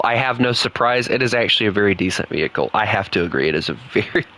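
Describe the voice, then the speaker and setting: A man's voice: medium pitch, fast talker, few pauses, bright, forceful tone. A man with a Southern US accent, chatting casually to his viewers while streaming a game, rambling and thinking aloud. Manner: chatty, rambling, fillers, talks to chat. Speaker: gaming streamer. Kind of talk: casual live commentary.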